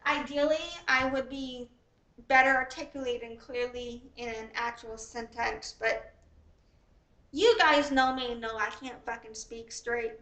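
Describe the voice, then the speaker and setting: A woman's voice: high voice, pushed and bright, rough recording. A woman reading her own business ebook aloud, then explaining it in a blunt, profane, rambling way.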